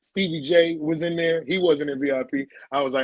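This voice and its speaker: A man's voice: fairly high pitch, brisk, dry recording, dull audio. A man co-hosting a podcast, telling stories in loose, slangy casual chat. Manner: animated storytelling, loose slangy talk. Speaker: podcast co-host.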